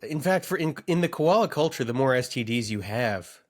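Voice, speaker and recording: A man's voice: medium pitch, a little fast. Joking man riffing on a podcast. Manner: joking, animated riffing with bursts of laughter. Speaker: podcast co-host. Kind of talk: casual comedic chat.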